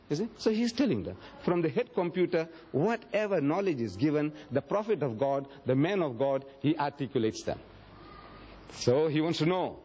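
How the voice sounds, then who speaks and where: A husky, slightly high-voiced man gives a public religious lecture. He tells his points as dramatic stories and acts out the quoted speech. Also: very animated, normal speed, a little mellow. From South Africa. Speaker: Islamic lecturer.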